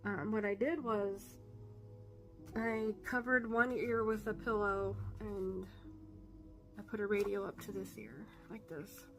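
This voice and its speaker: A woman giving an earnest personal faith testimony, halting with fillers and emotional. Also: medium pitch, fairly even intonation, a bit bright, faint music behind. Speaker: testimony speaker.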